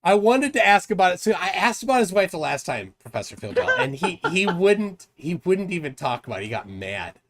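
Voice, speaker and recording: A man's voice: high-pitched, big pitch swings, fairly quick, few pauses, a bit bright, a little hiss or hum. A man hosting a casual livestream chat, teasing his guests and laughing often. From United States. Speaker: livestream host.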